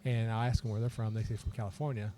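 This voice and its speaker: A man's voice: lowish voice, little pitch movement, fast talker, mellow, soft background music. Chatty man hosting a podcast. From Texas. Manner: chatty storyteller, laughs often. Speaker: podcast host. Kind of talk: casual chat.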